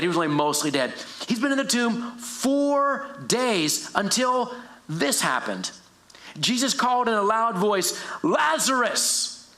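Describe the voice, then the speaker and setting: A man preaching a sermon as pastor, animated, acting out the people he quotes. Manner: animated, acts out quotes with shifting pitch. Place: church sanctuary.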